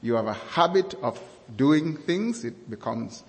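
A male preacher delivers an animated sermon in a typical mid-pitched male voice, moving at a measured pace and hammering key words through repetition. Long reverb hangs after his phrases, suggesting a big hall.

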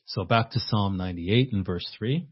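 A man with a low, husky voice preaches a sermon, building to forceful rhetorical questions and repeating words as he works through a point. The recording sounds dull and lo-fi. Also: moderate pace. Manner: repeats words while thinking.

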